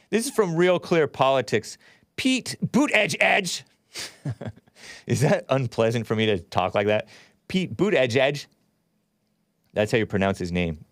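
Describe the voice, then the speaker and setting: A man's voice: medium pitch, dry recording, clean studio sound. A man hosting a livestream show, talking casually and rambling, often spelling names out letter by letter. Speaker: show host.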